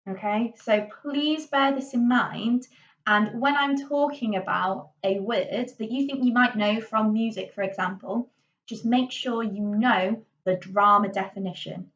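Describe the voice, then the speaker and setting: A woman's voice: fairly high pitch, measured pace, a bit bright. Chatty woman teacher, distant and muffled. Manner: chatty, many fillers and "okay"s, gestural. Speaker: drama teacher. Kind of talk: classroom tutorial. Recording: dull, slightly distant lo-fi recording.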